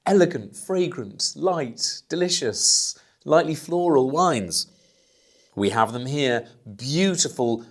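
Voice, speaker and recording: A man's voice: on the high side, animated, takes it slowly. A man presenting and tasting wines as a sommelier, talking in a chatty, enthusiastic way and savoring his words. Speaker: sommelier presenting weekly wine picks. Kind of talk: casual wine tasting talk.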